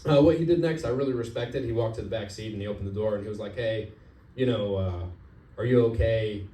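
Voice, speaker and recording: A young man telling a stand-up story at an open mic, in a halting deadpan delivery full of "uh" pauses, on a comedy club stage. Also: on the low side. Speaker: stand-up comic. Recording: roomy club sound from far off.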